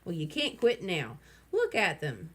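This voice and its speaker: A woman's voice: on the low side, huge pitch swings, measured pace, slightly rough, full character voice. A woman voicing a bossy boy who coaxes and pushes his friend on. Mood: pushy.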